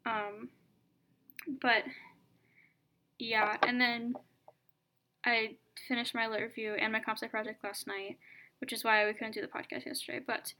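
A young woman co-hosting a podcast in casual chat, rambling with lots of "like" and animated complaining. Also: a little high, measured pace, long pauses. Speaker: podcast co-host. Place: home, painting her nails.

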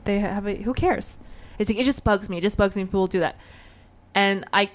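A woman hosting a casual podcast interview. She talks in a chatty way and laughs often as she tells stories. Her voice sits at an ordinary pitch for a woman. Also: a little fast. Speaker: podcast host.

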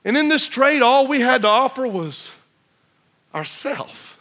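A man preaching a sermon, shouting repeated refrains, then dropping to a low hush to read scripture in old biblical wording. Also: big pitch swings, a little slow.

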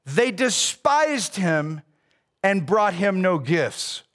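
High-voiced man preaching casually. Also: takes it slowly. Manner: casual and animated, with slang. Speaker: pastor. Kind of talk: sermon.

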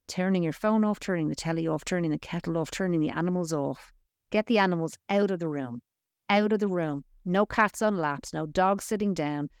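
A woman's voice: fairly low pitch, gravelly, darkish tone, dry recording, clean studio sound. A woman speaking as a podcast guest, teaching on spirituality with emphatic, repetitive, punchy phrasing. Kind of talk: conversational teaching.

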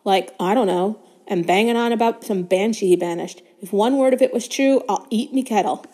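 A woman voicing a huge, gruff but kindly male gamekeeper in a storybook reading, growling as he talks. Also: medium pitch, normal speed, warm tone, natural voice.

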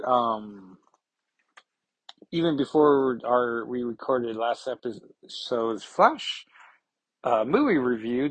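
A man's voice: medium pitch, a bit bright, breathy edge, no echo, rough recording. A man hosting a podcast, chatting casually and hesitantly, with many fillers and restarts. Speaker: comics podcast host.

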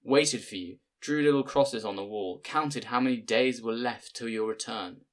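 A man voicing a gruff, stern older village father who talks bluntly and scolds often. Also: medium pitch, close to an everyday voice. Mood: gruff tender. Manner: blunt, scolding, quick to lecture.

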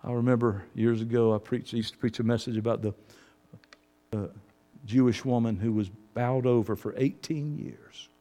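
A male pastor preaching an impassioned sermon, swinging from hushed, low testimony to loud shouting. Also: fairly even intonation, moderate pace.

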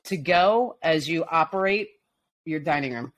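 A woman from Long Island co-hosting a casual talk show, telling stories in a lively way and acting out what people said. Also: low voice, a little slow. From Long Island, New York. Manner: animated storyteller, acts out quotes. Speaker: podcast co-host. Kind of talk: casual chat.

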